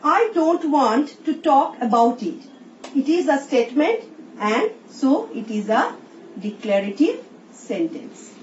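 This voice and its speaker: A woman teacher with an Indian English accent, slowly explaining a recorded English lesson and reading example sentences aloud. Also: high-pitched, big pitch swings, darkish tone. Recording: roomy, distant, dull sound with faint hiss.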